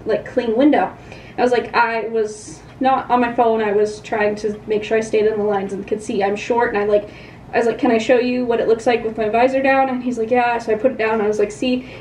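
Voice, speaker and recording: A young woman rambles through a casual storytime, chatty and self-deprecating. Her voice sits a touch high. The room echoes around her, with faint background hum. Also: darkish tone, recorded from a distance. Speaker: vlogger.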